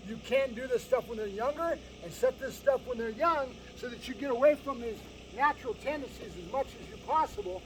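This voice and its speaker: A male dog trainer with a strikingly high voice, lecturing emphatically and tagging his points with "right?". He is picked up from some distance away, with a faint hiss of noise underneath. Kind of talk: explaining dog training to owners.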